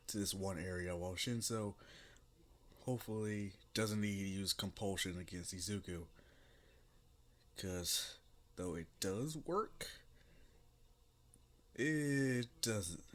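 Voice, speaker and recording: Young guy narrating his fan story off the cuff, lots of uhs, low voice, slow. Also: fairly bright tone. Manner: rambling, filler-heavy, unscripted. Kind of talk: casual spoken fan fiction narration.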